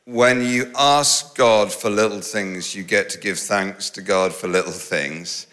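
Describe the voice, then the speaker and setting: A man preaching a humorous, storytelling sermon, self-mocking and animated. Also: on the low side, a little slow. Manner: animated, self-mocking, laughs through stories. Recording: large hall with long reverb.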